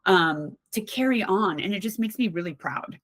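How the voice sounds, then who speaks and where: A woman on a podcast as a guest, talking in a candid, animated, conversational way with frequent restarts. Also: mid-range voice, moderate pace, dry recording. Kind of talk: casual conversational storytelling.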